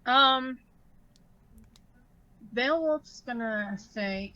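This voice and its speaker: A woman playing in a tabletop role-playing game, slowly describing what her character says and does. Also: medium pitch, steady tone, bright, forceful tone. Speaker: player. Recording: dull, muffled audio.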